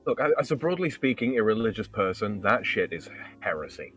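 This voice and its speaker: Male guest, casual chat, swears a lot, mock outrage, big pitch swings, faint music. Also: big pitch swings, brisk, fairly bright tone, breathy edge. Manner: profane, mock-outraged banter. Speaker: co-host guest.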